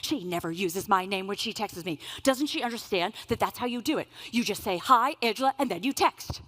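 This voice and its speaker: A woman's voice: mid-range voice, expressive, fairly quick, fairly bright tone. A woman voicing her indignant mother-in-law in her eighties, fussy and scolding.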